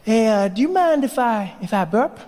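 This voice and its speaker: A man's voice: high voice, animated, normal speed, a little mellow, voice pushed up. A man voicing his own hungover body as a sheepish, wheedling male character. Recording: reverberant hall, faint ambience.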